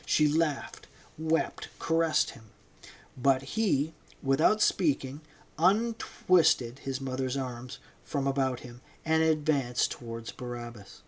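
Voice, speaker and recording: A man narrating a novel as an audiobook, in a measured storytelling manner. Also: medium pitch. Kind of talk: audiobook reading.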